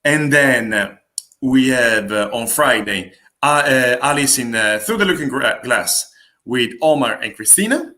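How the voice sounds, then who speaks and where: A man hosts a casual craft livestream, his voice bright and sharp with wide swings in pitch. He hesitates often, filling gaps with "uh" and restarting, and he teases his co-host playfully. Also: animated, measured pace. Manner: hesitant, many fillers and restarts; playful, teasing.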